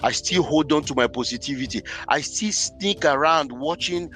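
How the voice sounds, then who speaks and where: A man, a podcast guest, telling his life story in an animated, emphatic way. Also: fairly high pitch, moderate pace, soft background music. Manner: animated, emphatic, acts out scenes. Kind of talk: personal storytelling in conversation.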